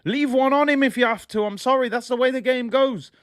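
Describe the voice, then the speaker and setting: A young man with a strikingly high-pitched voice hosts a live watch-along of a football match. He is excitable and emotional, and often tips into exasperated shouting. The sound is dry and close, with no room echo. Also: brisk, smooth. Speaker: fan stream host.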